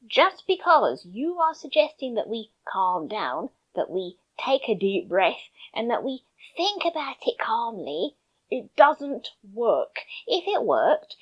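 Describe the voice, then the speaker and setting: A woman's voice: on the high side, lo-fi sound. A woman talking earnestly to camera in a scripted commentary monologue, explaining her views. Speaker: YouTuber.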